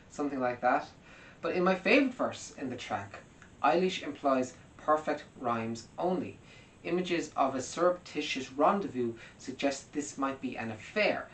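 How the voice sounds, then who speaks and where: A man's voice: moderate pace, fairly bright tone. A man giving a wry, analytical music commentary as scripted narration. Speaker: music video essayist. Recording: roomy, distant mic with faint rumble.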